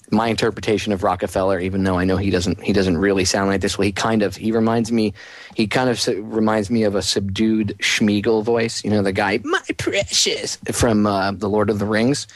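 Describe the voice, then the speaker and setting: A man's voice: on the low side, dry recording. Ranting male talk radio host, dry sound. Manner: ranting, sarcastic.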